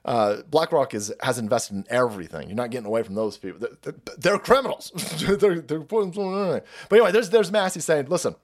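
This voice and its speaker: Quick-paced and a little high, this male livestream host delivers a profane, rambling political rant. He stammers, restarts, mocks, cracks up at his own jokes, and reads out and thanks viewers in the chat.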